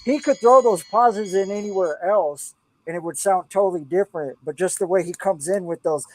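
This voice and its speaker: A man's voice: sits high, normal speed, darkish tone, soft background music, low-quality recording. A middle-aged man hosting a casual podcast about song lyrics, talking with rambling enthusiasm and slipping into preachy asides. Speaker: podcast host and producer.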